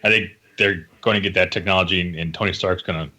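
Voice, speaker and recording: A man in casual podcast chat who jokes and acts out other people's reactions in high voices. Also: steady tone, fast, sharp tone. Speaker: podcast guest.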